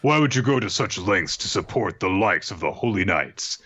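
A man putting on an indignant little male creature, pointed and questioning. His voice is low and sounds muffled. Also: expressive, normal speed, fairly bright tone, husky, heavily acted. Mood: suspicious. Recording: dull lo-fi sound.

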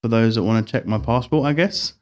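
A man's voice: medium pitch, fast talker. A man in his twenties, producer and co-host of a podcast, joking dryly at his own expense. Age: 20s. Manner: dry, self-deprecating humor. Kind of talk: casual chat.

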